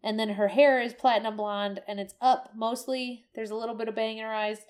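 A woman's voice: on the high side, fairly even intonation, fairly quick, darkish tone. A woman co-hosting a podcast in a loose, chatty tone. She fills her talk with ums and restarts as she sums up a game. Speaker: podcast co-host. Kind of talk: casual chat recapping a video game.

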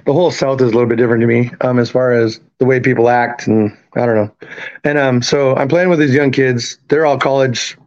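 A man in his fifties, raised in Canada, telling a story in a casual, profane, animated way and acting out the quotes. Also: medium pitch, a little fast, muffled recording. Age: 50s. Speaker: podcast guest.

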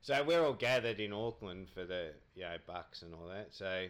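A man's voice: low-pitched, lively intonation, moderate pace. A man, a podcast guest telling cricket anecdotes in a rambling, chatty way, laughing often.

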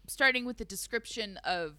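A woman's voice: a little high, lively intonation, moderate pace, sharp tone, no room sound. A woman co-hosting a casual podcast, recapping a book with playful asides, cursing and frequent laughter. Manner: playful, swears, laughs often. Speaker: podcast co-host.

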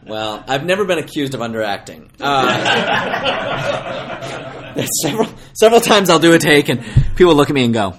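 A young actor from Minnesota, appearing as a guest in a casual interview, talks animatedly and self-deprecatingly, restarting his sentences often. His pitch is fairly high, his speed normal, and the recording very noisy.

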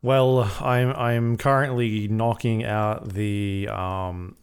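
A man's voice: lowish voice, steady tone, takes it slowly, smooth. A man co-hosting a podcast, answering in a laid-back, dry, understated way. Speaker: podcast co-host. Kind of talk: casual podcast banter.

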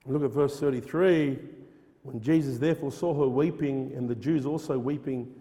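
A man's voice: mid-range voice, moderate pace, dark tone, in a large hall. A man preaching a sermon in a church, earnest and emphatic, repeating phrases and quoting old-style scripture. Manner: quotes King James scripture aloud.

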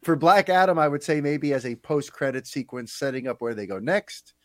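A man's voice: fairly high pitch, a little fast, no room sound. A man hosting a podcast, talking casually and animatedly with plenty of fillers. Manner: animated, chatty, lots of fillers. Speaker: podcast host.

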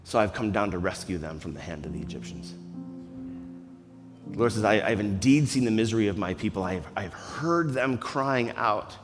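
A man preaching a conversational, earnest sermon that swings between hushed, quiet passages and loud, raised ones. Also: fairly low pitch, moderate pace, faint music behind. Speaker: pastor. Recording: long reverb of a large hall.

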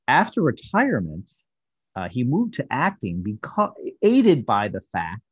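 Man, podcast host, husky voice, low pitch, lively delivery, dry dull sound. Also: dry recording. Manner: animated storyteller, acting out quotes. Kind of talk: casual episode recap.

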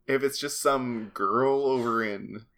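A man in casual podcast chat, giggly and quick to react. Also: mid-range voice, a bit bright.

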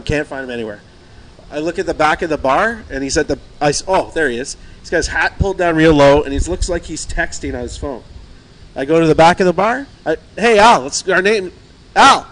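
A man telling a long story among friends in casual chat, acting out the quotes, laughing often and swearing freely. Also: fairly high pitch.

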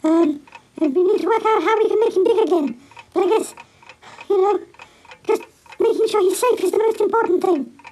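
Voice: extremely high pitch, normal speed, long pauses, a little mellow, a little hiss or hum. A performer voicing Ig, a timid, worried helper who stammers and hesitates and is out of breath. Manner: hesitant, many ums and stammers.

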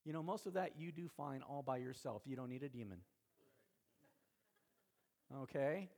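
A man's voice: medium pitch, moderate pace, a little mellow. A man preaching a Sunday sermon in a conversational way, often checking in with the congregation. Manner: conversational preaching, frequent "okay?" check-ins. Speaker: pastor.

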